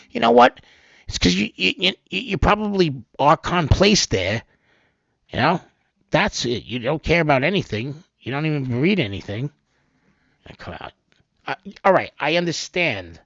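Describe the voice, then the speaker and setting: A man rambling through the day's news in an off-the-cuff way, his voice gravelly and full of swings in pitch, jumping from loud outbursts to low mutters. The recording is dull and lo-fi, with a dry sound. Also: no room sound. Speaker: host of an amateur news channel.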